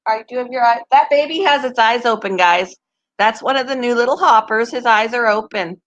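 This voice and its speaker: A woman's voice: fairly high pitch, a little fast, fairly bright tone, dull audio. Gushing chatty woman talking to viewers. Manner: chatty, gushing, laughs often. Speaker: pet channel host. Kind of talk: casual live chat to viewers.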